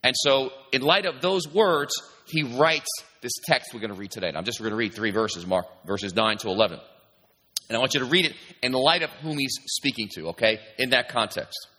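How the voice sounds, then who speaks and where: A man's voice: medium pitch, brisk, bright, forceful tone. A man preaching a sermon as pastor, talking in a conversational way with many "you know"s and restarts. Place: church sanctuary. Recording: long reverb from a church hall.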